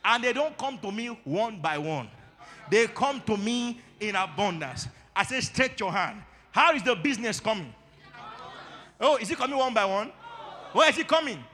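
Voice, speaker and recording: A man preaching a sermon as lead pastor, leading call-and-response and building to shouts. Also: high voice, expressive, normal speed. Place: church hall. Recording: long reverb of a church hall.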